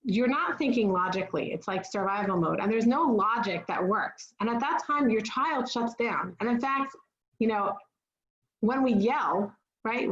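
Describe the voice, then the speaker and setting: A woman's voice: mid-range voice, echoey room, highs cut off. A woman giving a parenting talk in an earnest, instructive way, often checking in with the listener. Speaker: parenting speaker.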